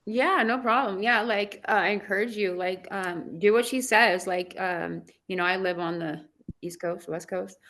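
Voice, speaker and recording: A woman's voice: medium pitch, moderate pace, a bit bright. A woman from Southern California with a valley girl accent, hosting a casual online chat, bubbly and chatty, laughing often. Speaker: host.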